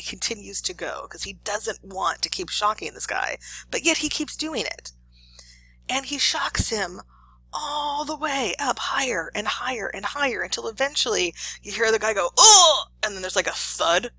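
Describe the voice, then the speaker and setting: Chatty professor with a gravelly, bright voice. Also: medium pitch, big pitch swings, normal speed, poor audio. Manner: chatty, uses many fillers and acted quotes. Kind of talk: casual classroom lecture.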